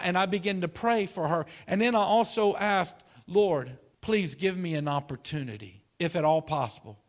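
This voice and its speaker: A man who is a pastor, preaching a sermon in church, telling a personal story earnestly, with repeated words and soft, tender passages. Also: fairly high pitch. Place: church sanctuary.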